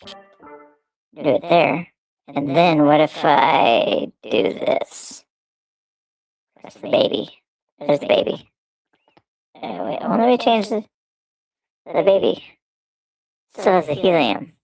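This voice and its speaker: A man's voice: on the high side, slow, vocal fry, pauses often, darkish tone. Man on a helium voice changer. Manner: fiddling with settings, talking to himself. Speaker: livestream host. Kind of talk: casual stream chat.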